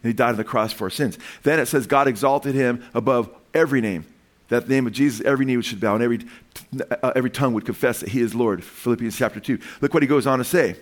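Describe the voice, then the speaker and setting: Man, preacher, sermon, animated, quizzes congregation, acts out quotes. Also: medium pitch, quick pace.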